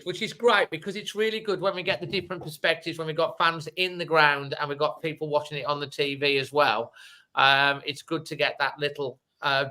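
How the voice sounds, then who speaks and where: A fairly high-pitched man hosts a fan phone-in with a bright, forceful tone. His voice is smooth and crisp. He talks in an upbeat, rambling way and strings his questions together loosely. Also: low-quality recording. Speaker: host of a fan phone-in show. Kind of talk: casual podcast hosting.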